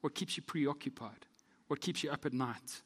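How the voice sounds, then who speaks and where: A man, a pastor telling a story in a sermon in an animated, self-deprecating way. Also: medium pitch, moderate pace, slightly rough, long reverb tail.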